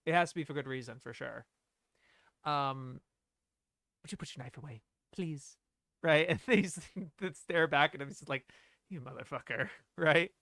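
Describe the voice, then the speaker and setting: A young man streaming casual film commentary, animated and laughing, reading dialogue lines aloud. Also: on the high side, moderate pace, creaky, pauses often, no echo.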